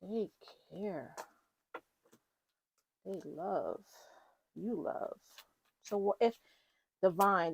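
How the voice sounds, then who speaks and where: A woman's voice: medium pitch, extremely slow, vocal fry, long pauses, breathy edge. A woman giving a casual, rambling tarot reading to her viewers, full of fillers and restarts. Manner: chatty, rambling, with fillers and self-corrections. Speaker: tarot reader.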